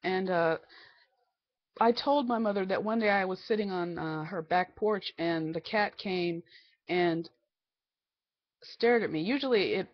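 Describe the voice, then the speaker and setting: A woman vlogging at home, telling a long family story in a fed-up, rambling way. She keeps replaying the back-and-forth of each argument, and the recording sounds a bit dull and lo-fi. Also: lowish voice. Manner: exasperated, quotes family members in quick back-and-forth. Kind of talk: casual storytelling rant.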